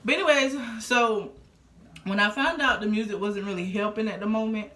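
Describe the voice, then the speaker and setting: A woman's voice: medium pitch, moderate pace, sharp tone. Young woman rambling thru a storytime vlog, lots of likes and ums, roomy echo. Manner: rambling, filler-heavy, conversational. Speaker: vlogger. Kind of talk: casual storytime.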